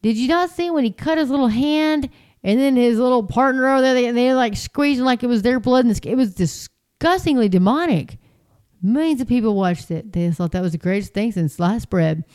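A woman's voice: fairly high pitch, animated, moderate pace, darkish tone, clean tone. A woman talking in a casual, rambling way, full of fillers and restarts, sounding exasperated and incredulous. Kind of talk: casual commentary.

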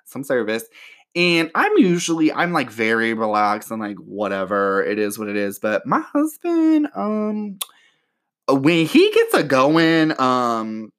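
A man telling a story in a casual, sassy way, full of "like", his voice leaping up when he gets excited. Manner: chatty and sassy, heavy use of "like"; animated, with voice jumping high when excited.

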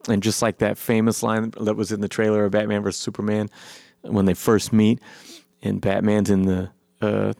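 Gravelly man gushing, voice worn. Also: fairly low pitch, flat delivery, brisk, darkish tone, no room sound, studio quality. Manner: enthusiastic, profane, rambling with many fillers. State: voice worn from long talking. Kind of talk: excited movie recap monologue.

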